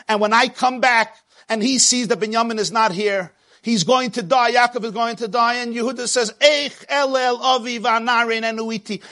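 A man's voice: fairly high pitch, fairly bright tone, breathy edge. A man giving a sermon in a dramatic delivery that rises and falls, quoting Hebrew verses.

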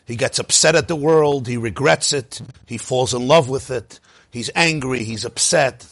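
A man teaching a lively Torah class, asking rhetorical questions and chuckling at his own points. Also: mid-range voice, moderate pace, gravelly, breathy edge, dry recording.

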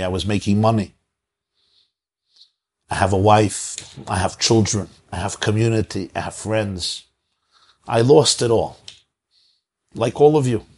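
A man puts on a wise old believer, calm and firm. He speaks low and steady. The voice is husky. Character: calm wise devout older man prisoner.

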